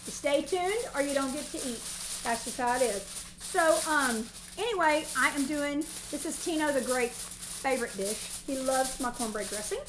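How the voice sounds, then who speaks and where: Her voice is high and moderately paced as this Southern US woman livestreams a casual cooking demonstration at home, talking at length while she works. The audio comes from a movable mic near the stove and is roomy with background noise.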